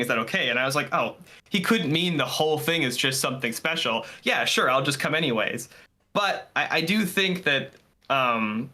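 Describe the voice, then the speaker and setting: A man chatting as a podcast guest about his film, earnest and animated. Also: mid-range voice. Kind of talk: casual chat.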